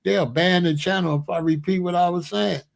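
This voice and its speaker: A man with a high, gravelly voice tells a long personal story to his channel. He rambles, circles back and hits his points with emphasis. The talk is loose and unscripted. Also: steady tone, normal speed. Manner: rambling, emphatic, breaks into laughs. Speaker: channel host. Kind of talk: casual storytelling monologue.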